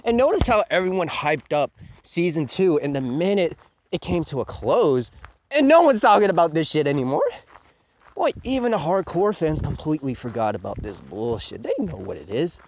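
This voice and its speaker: A man's voice: on the high side, very animated, moderate pace, a little hiss or hum. A man giving a crude, mocking countdown rant as an anime reviewer, swearing often and sneering at fans. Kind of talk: ranting countdown commentary.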